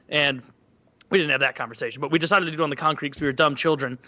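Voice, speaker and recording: A man casually telling a childhood story on a podcast, animated and acting out the quotes in a high voice. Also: very fast, lo-fi sound. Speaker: podcast co-host.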